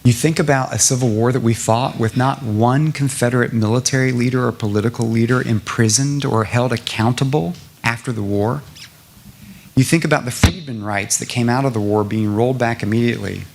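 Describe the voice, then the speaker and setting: A man's voice: medium pitch, brisk, vocal fry, a little hiss or hum. A middle-aged man from South Carolina answering a question at a public lecture, earnest and building to emphatic lists. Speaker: guest speaker at a public lecture.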